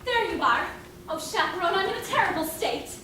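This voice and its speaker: An actress on stage playing a flighty, theatrical young bride in a breathless, melodramatic manner. Heard from afar in an echoey hall with loud music. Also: female voice, very high voice, lively intonation, a little fast, far from the mic, a little hiss or hum, exaggerated voice.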